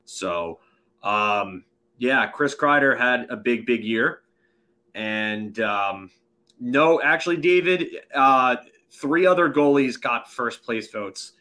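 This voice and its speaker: A man's voice: medium pitch, expressive, slow, sharp tone. A man co-hosting a casual sports podcast, rambling with many fillers and restarts. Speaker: podcast co-host.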